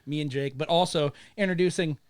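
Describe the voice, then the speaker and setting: A man co-hosting a podcast, introducing a guest in a relaxed manner with casual swearing. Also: a little high, fairly quick, clear, resonant tone, no room sound. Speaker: podcast co-host.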